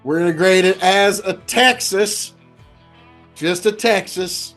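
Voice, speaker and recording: A man with a fairly high voice hosts a relaxed whiskey tasting. He draws out his phrases deliberately. Soft music plays faintly underneath. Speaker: host of a whiskey review show. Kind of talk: casual tasting chat.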